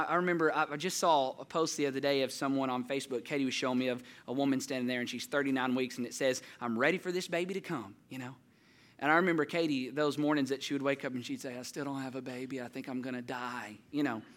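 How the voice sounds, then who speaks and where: A man preaching a casual, story-driven sermon, talking to the congregation like friends and putting on children's voices in his anecdotes. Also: quick pace. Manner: animated storytelling, jumps higher and louder when quoting children. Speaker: pastor. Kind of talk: conversational sermon with stories.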